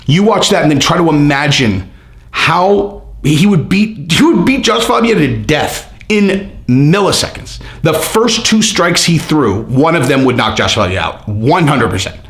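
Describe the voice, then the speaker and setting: A man's voice: on the high side, measured pace. A man hosting his own channel, reading out comments and mocking them in casual, rambling talk full of fillers. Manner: animated, sarcastic, rambling with many fillers. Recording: roomy echo.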